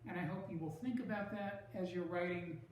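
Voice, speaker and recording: Measured male writing teacher, roomy sound. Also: sits high, steady tone, a little mellow, far from the mic, a little hiss or hum. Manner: measured, explanatory, leans on key words. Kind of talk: recorded online lecture.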